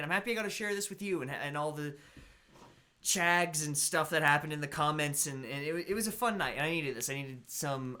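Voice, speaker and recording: A tired man chatting casually with viewers as the host of a live stream. His voice sits a little high and sounds bright and forceful. He stumbles, stutters and pauses often. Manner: stuttering and pausing a lot.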